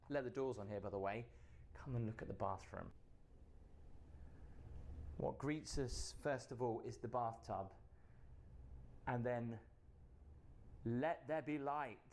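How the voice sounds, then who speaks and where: A British man streaming a casual tour, chatty and marveling at what he finds. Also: mid-range voice. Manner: wide-eyed, marveling, chatty. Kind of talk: casual touring commentary.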